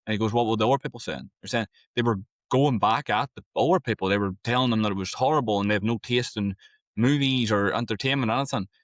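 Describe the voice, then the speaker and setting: Fast-talking man spinning a story. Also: fairly low pitch, no echo, clean studio sound. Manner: storytelling, quick and animated retelling. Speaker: podcast host. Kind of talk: casual conversation.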